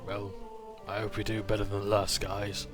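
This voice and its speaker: A man voicing a gruff, wary smuggler boss on the docks who speaks in curt, businesslike lines. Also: lowish voice, monotone, moderate pace, music in the background, natural voice.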